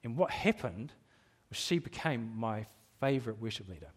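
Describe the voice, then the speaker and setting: In a husky voice of ordinary middle pitch with big swings, a middle-aged pastor delivers a sermon to his congregation in a church hall at a moderate pace. He speaks candidly and pokes fun at himself, laughing at his confessions and restarting as he fumbles along.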